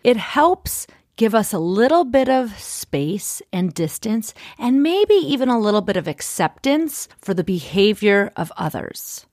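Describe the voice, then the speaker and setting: A middle-aged woman and life coach hosting her podcast, talking in an encouraging, gently persuasive way. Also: medium pitch, very animated, a little slow, hardly any pauses, no echo, studio quality. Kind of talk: podcast monologue.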